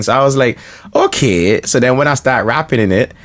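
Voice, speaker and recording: A man's voice: medium pitch, animated, a little fast, hardly any pauses. A man from Sint Maarten with a Caribbean island accent, a guest telling stories in a casual podcast chat. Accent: Sint Maarten Caribbean English.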